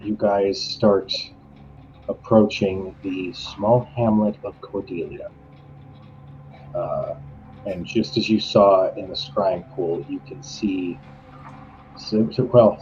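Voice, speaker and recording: A man running a tabletop game as game master, narrating in a laid-back, chuckling way. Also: low voice. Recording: dull lo-fi stream audio with faint music.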